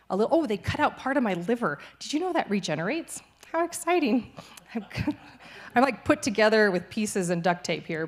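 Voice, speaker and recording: A young adult woman, a missionary, giving a cheerful church testimony and laughing easily through hard news. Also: mid-range voice. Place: church sanctuary.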